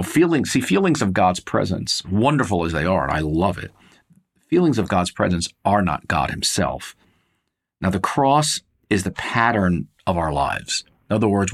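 A man preaching a Bible teaching in an earnest, measured way, repeating words and pausing with filler uhs. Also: low voice, husky. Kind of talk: sermon-style Bible teaching.

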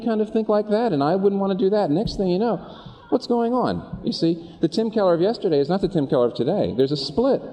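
A man preaching a sermon as pastor, earnest and animated, asking the congregation pointed questions. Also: a little high. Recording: long hall reverb.

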